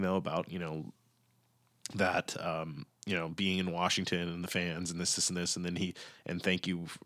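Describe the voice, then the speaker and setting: A man's voice: deep voice, a bit bright, dry recording, clean studio sound. A young adult man hosting a casual podcast, ranting sarcastically and swearing a lot. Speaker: podcast host. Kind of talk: casual profane commentary.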